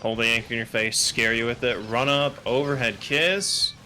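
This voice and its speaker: A man commentating an online fighting game tournament, calling moves quickly and joking between plays. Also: mid-range voice, slight background noise. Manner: excitable, joking, rapid technical call-outs. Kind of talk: esports play-by-play commentary. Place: home setup, online broadcast.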